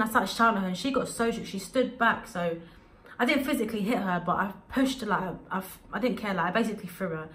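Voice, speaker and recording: A young adult woman telling a storytime vlog in an animated, slangy way. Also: medium pitch, quick pace. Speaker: vlogger.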